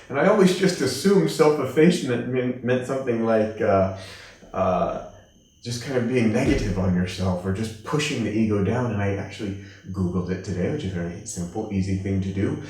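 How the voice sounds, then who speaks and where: A man giving a spiritual class, telling stories gently and acting out the voices of the people in them. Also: normal speed. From United States. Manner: gentle, storytelling, acts out quoted voices with rising pitch. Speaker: class teacher at a monastery. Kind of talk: spiritual class talk with acted anecdotes. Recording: echoey room from a distance.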